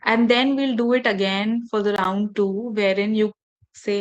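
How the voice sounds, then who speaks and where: A woman's voice: fairly high pitch, moderate pace. Woman trainer on a video call. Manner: engaging, asks the audience questions. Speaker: faculty development trainer. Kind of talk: online training session.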